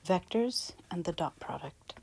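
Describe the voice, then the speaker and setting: Soft-spoken low-voiced woman teaching math. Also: lively intonation, measured pace, gravelly, slight background noise, poor audio. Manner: soft, half-whispered explaining while writing. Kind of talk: recorded math lecture.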